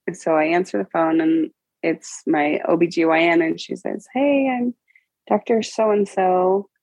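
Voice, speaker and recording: Woman around 40 telling her story, halting and emotional, gravelly husky voice, dry sound. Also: low voice, little pitch movement, a little mellow, no echo, rough recording. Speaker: interview guest. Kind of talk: personal storytelling in an interview.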